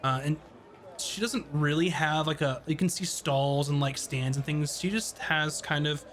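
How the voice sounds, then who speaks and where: A man running a tabletop game as game master, narrating in a rambling, halting way full of fillers. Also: a little high, steady tone, fairly bright tone.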